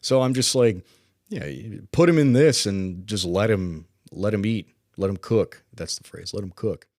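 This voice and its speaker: A man co-hosting a podcast in casual chat, animated and quick with asides, often laughing. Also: lowish voice. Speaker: podcast co-host.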